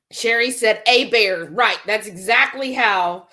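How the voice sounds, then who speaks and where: A woman hosting a cooking livestream, chatting and telling stories as she reads viewer comments aloud. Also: mid-range voice. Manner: chatty storyteller, quick animated asides. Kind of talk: casual chat, reading viewer comments aloud.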